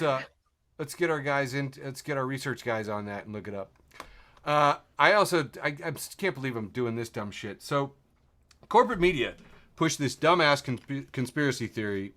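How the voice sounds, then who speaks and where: A man's voice: medium pitch, bright, forceful tone. A man hosting a podcast who runs through news items in a rambling, sardonic way, swearing freely and chuckling often over a video call. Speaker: podcast host. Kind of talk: casual news-and-memes chat.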